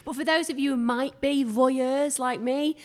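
A middle-aged woman hosting a casual podcast from her kitchen, talking in a chatty, expressive, rambling way. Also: sits high, a little slow. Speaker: podcast host. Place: home kitchen.

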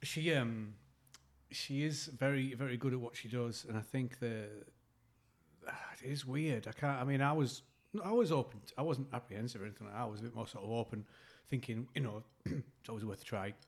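A man co-hosting a casual podcast at home, speaking in a halting, hesitant way with many restarts. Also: mid-range voice. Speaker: podcast co-host. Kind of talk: casual chat.

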